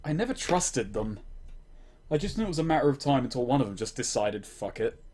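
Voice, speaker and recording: A man's voice: mid-range voice, big pitch swings, fast talker, darkish tone. A man playing a tabletop game, talking brashly and defiantly in character. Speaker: player.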